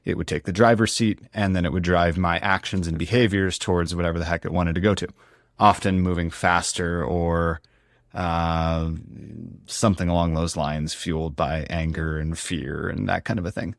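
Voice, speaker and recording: A man's voice: low-pitched, steady tone, normal speed, gravelly, no room sound. A man speaking as an interview guest, reflective and earnest, often restarting his sentences as he searches for words. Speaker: guest ultrarunner.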